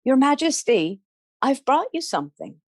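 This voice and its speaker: A woman voicing a bold goddess-saint heroine who speaks briskly and reassuringly. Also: high voice, sing-song, a little mellow, no echo, studio quality, pitched above the performer's own voice. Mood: confident.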